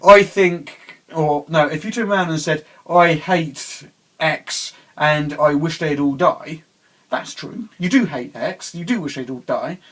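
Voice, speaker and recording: A man's voice: on the high side, measured pace, fairly bright tone, poor audio. A young man co-hosting a casual chat, talking hesitantly with many restarts and frequent laughs. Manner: hesitant, chatty, laughs often. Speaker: co-host.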